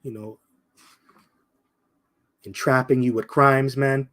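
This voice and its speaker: Guy doing a blunt casual bible talk, mid-pitched voice, keeps saying man, repeats stuff, slows down to make a point. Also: fairly even intonation, fairly bright tone. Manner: streetwise, confrontational, addresses listeners as "man". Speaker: bible teacher. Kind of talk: informal scripture commentary.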